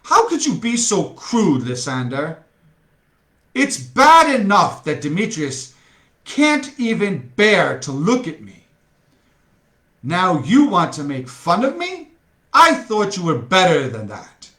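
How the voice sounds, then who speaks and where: Storybook young woman, hurt and suspicious, high and lively as a male reader puts her on, echoey room. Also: slow pace, exaggerated voice. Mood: upset.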